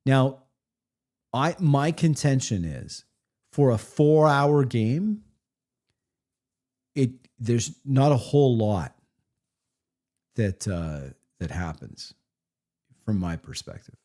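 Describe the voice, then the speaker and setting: A man's voice: mid-range voice, expressive, takes it slowly, long pauses, warm tone. A man critiquing a recorded game session on a live stream, rambling with frequent restarts. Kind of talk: live reaction commentary.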